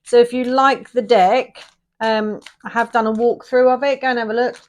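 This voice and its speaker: A woman from England, reading tarot cards in a casual video. She talks in a chatty, rambling way, drifts off-topic and loses her thread, and slows down while counting out the cards. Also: on the high side, steady tone. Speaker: tarot reader.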